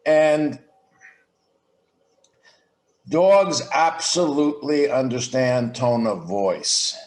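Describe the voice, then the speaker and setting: A man's voice: mid-range voice, a little mellow, reverberant. A man speaking as a podcast guest over a video call, explaining his ideas thoughtfully and restarting his sentences often. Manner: slow, reflective explaining with frequent restarts. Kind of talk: conversational interview.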